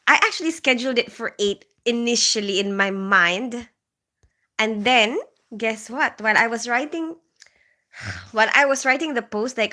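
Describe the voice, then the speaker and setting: A woman's voice: fairly high pitch, unhurried, long pauses, sharp tone. A woman hosting a casual live stream, greeting viewers by name and rambling chattily with frequent sighs. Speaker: livestream host. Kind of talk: casual live-stream chat, reading out comments. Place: London.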